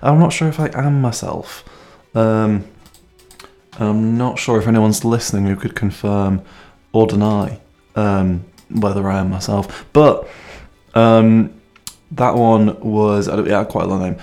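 A man's voice: lowish voice, level tone, a little slow, dark tone. A man hosting a music show, introducing songs in a rambling, hesitant way with lots of ums and self-mocking asides, talking into a microphone with headphones on. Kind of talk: casual radio-style song introductions.

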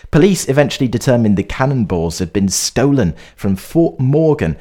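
A male host running through quirky news items in a chatty, joking way. His pitch swings widely from line to line, and he trips over words now and then and fills gaps with small fillers. The pitch sits in the middle for a man. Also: very animated, moderate pace, mellow. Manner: joking asides with stumbles and fillers. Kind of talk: light-hearted news chat.

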